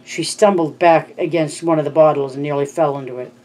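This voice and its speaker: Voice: medium pitch, steady tone, fairly quick, darkish tone, poor audio. Audiobook reader who stumbles and restarts. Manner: reads with frequent slips and restarts. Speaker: audiobook narrator. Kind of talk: amateur audiobook reading.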